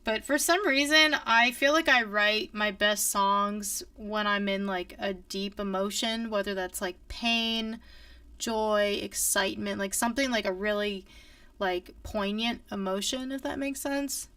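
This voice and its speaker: A woman's voice: medium pitch, steady tone, measured pace, bright, forceful tone, clear, resonant tone, no room sound, far from the mic. A young woman, a singer-songwriter, chatting casually with her livestream viewers, rambling with lots of fillers.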